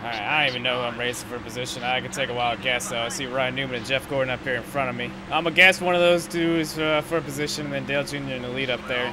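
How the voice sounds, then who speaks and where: A man's voice: medium pitch, fairly even intonation, fast, few pauses. A young man giving live gameplay commentary, ranting with exasperation and heavy swearing. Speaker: gaming commentator. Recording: loud game engine noise underneath.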